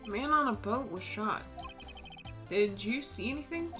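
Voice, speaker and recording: A woman's voice: fairly high pitch, animated, measured pace. A woman voicing an earnest young male defense lawyer in a plain, questioning way, with faint game music behind.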